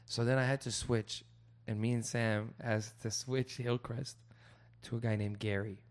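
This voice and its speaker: A young man in casual chat, telling rowdy stories and swearing a lot, acting out loud quoted voices. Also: mid-range voice, fairly even intonation, measured pace.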